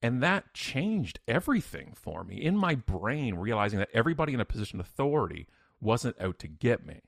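A man, a podcast guest, telling a story in an emphatic, energetic way with sudden loud bursts. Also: medium pitch, brisk, creaky, dry recording, studio quality. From Canada. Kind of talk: animated storytelling in an interview.

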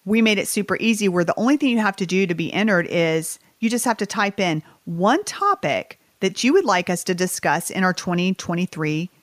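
A woman's voice: mid-range voice, fairly quick, few pauses, no room sound. A woman with a Southern US accent, co-hosting a podcast in casual, chatty talk. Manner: chatty, animated, a little bitter. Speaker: podcast co-host. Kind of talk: casual chat.

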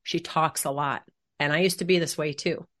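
A woman's voice: low-pitched, fairly even intonation, moderate pace, a bit bright. A woman podcast co-host talking in a reflective, storytelling way and sometimes searching for her words. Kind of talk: casual chat.

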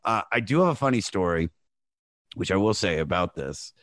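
A comedian chatting casually on a podcast, telling a rambling, animated anecdote full of fillers. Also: male voice, low-pitched, moderate pace, no echo. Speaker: comedian guest. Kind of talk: casual storytelling chat.

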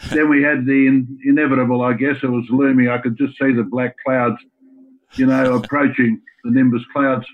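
A man's voice: mid-range voice, level tone, normal speed, narrow, tinny audio. An older Australian man, a guest on a call-in chat show, talking in a florid way full of sayings and big words. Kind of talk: casual chat on a phone line.

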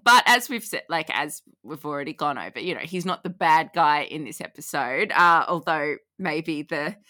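An Australian woman co-hosting a casual podcast, her voice very low yet bright and sharp. Her intonation leaps and dips animatedly as she laughs and trails off mid-thought, recorded dry and close. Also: animated, moderate pace, no room sound. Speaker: podcast co-host. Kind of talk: casual chat.

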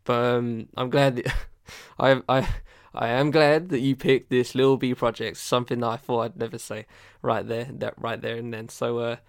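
A young English-accented man hosts a casual music podcast in a mid-pitched voice, recorded dry and close. He chats loosely with slang and frequent laughs, stumbling over restarts as he talks. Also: flat delivery, moderate pace, gravelly, clean tone, no room sound. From England. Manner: chatty, laughs often, stammers on restarts, uses slang. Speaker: podcast host.

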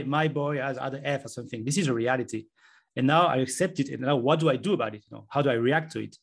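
A man who is an author, explaining his ideas earnestly in a conversational interview. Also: mid-range voice. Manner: earnest, explanatory, talks himself through examples. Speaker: author and guest.

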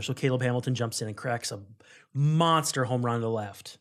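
A man's voice: mid-range voice, fairly quick. Rambling man on a sports podcast. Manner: rambling, digressive, self-correcting. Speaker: baseball podcast co-host. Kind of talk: casual sports chat.

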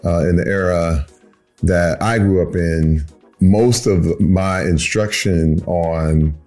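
Low-voiced man telling his story, hesitant. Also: steady tone, takes it slowly, darkish tone, faint music behind. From Flint, Michigan. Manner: hesitant, self-deprecating, many restarts and fillers. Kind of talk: casual storytelling chat.

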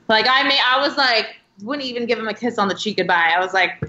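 A woman's voice: medium pitch, fairly quick, few pauses, pushed and bright, reverberant, highs cut off. A woman in her late thirties, a podcast guest telling stories in a chatty way and saying "like" a lot. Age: late 30s. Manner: chatty storyteller, heavy use of "like". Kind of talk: casual interview chat.

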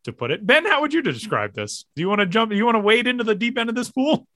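A man hosting a casual podcast, joking around and quick to laugh. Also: very high voice, no echo. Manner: jokey, animated, quick to laugh. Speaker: podcast host.

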